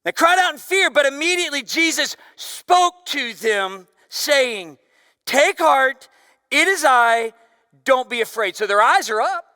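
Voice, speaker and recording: A man preaching a sermon as pastor, with a loud voice that swings from forceful emphasis down to near-whispers. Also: very high voice, animated, takes it slowly, smooth, dry recording, clean studio sound, big-room sound.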